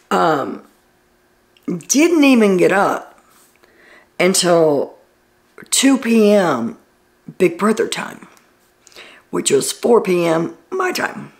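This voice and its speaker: Female recap host, slow and gravelly, chatty and opinionated, casual. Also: lowish voice. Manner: chatty, opinionated, loose retelling with fillers.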